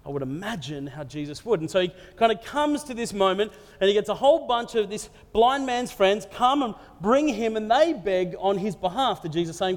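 A man's voice: sits high, expressive, normal speed, hardly any pauses. Man, preacher, jokey conversational sermon, long hall echo. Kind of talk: humorous sermon. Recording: echoey hall reverb.

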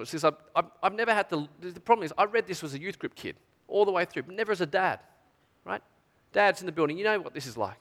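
High-voiced, bright, emotional male preacher. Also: big-room sound. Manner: emotional storytelling, dramatic swings from hushed to shouting. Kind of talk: sermon.

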